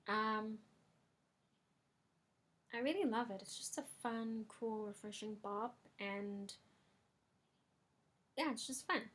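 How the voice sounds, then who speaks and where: Slow-talking chatty young woman vlogger. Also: on the high side, fairly bright tone. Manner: chatty, lots of filler ums. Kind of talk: casual music review vlog. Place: bedroom at home.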